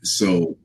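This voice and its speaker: A young man with a deep, low voice tells road stories in a loose, laid-back way. He swears freely and laughs as he talks, like a guest chatting on a podcast. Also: a little hiss or hum. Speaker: pro wrestler guest. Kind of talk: casual storytelling.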